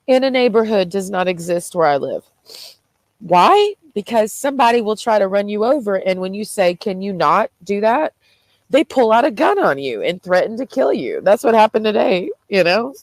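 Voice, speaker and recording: A woman's voice: mid-range voice, no room sound, low-quality recording. A tearful, distraught woman vlogging, swearing and repeating herself as she vents. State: crying. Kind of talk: emotional confessional vlog.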